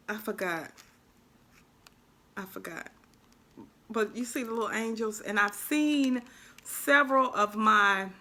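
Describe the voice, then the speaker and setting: A woman vlogging in a casual, chatty way about crafts, animated and full of shout-outs to other creators. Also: mid-range voice. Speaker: crochet vlogger. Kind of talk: casual chat.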